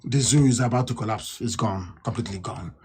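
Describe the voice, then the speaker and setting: A man giving an impassioned political broadcast, fiery and scornful, repeating himself and bursting into shouts. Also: fairly low pitch, a little fast, husky. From Nigeria. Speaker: activist leader.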